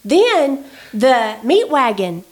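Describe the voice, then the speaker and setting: A woman with a somewhat high voice tells a story in casual chat. She is animated and indignant and uses plenty of fillers as she goes. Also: extremely slow.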